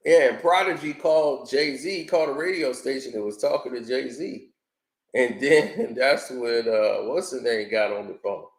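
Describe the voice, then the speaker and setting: A man's voice: mid-range voice, measured pace, reverberant. A man giving casual commentary on an interview, telling stories animatedly, acting out quotes and laughing often.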